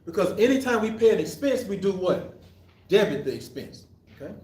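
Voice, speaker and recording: A man's voice: sits high, sing-song, brisk, a little mellow. A man teaching an accounting class live, asking the class questions and then answering them himself, often restarting his sentences. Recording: echoey room, mic at a distance.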